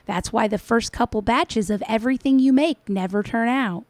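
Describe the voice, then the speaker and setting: A woman's voice: a little high, normal speed, a little mellow, no room sound. A woman giving sarcastic, scolding reaction commentary over a cooking video. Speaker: commentator reacting to another vlogger.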